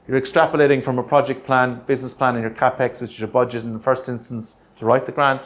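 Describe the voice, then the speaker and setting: An Australian man with a mid-range voice presents a grant writing workshop. He is punchy and energetic, checking in with the room through quick rhetorical questions.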